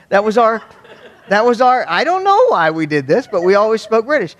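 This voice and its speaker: A man from Waco, Texas tells humorous stories about youth ministry to an audience. His voice is high and his speed is normal, and his manner is folksy, joking and animated.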